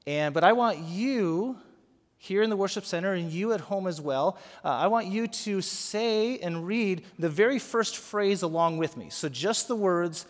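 A man's voice: high voice, in a large hall. A man preaching a sermon as pastor, earnest and emphatic, leading prayer and guiding the congregation. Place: worship center.

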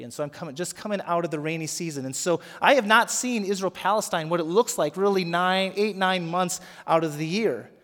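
A man's voice: a little high, a bit bright, in a large hall. A man preaching a sermon as pastor, earnest and emphatic, leading prayer and guiding the congregation. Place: worship center.

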